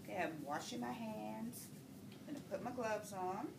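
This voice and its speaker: A woman nursing instructor demonstrating a patient assessment, giving calm step-by-step instructions. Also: mid-range voice, normal speed, gravelly. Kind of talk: clinical skills demonstration. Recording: echoey room, far from the mic, noisy.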